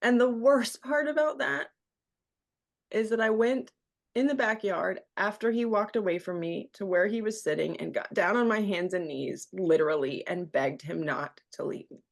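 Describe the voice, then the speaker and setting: A woman in her thirties with a gravelly, medium-pitched voice speaks at a moderate pace. A radio host appearing as a guest on a podcast, she candidly shares an emotional personal story, often quoting what others told her.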